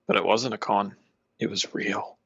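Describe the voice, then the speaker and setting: A man's voice: fairly low pitch, fairly even intonation, normal speed, vocal fry, a bit bright, slightly rough, dry recording. A man co-hosting a casual podcast chat, curious and easily amused. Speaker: podcast co-host. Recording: dull lo-fi sound.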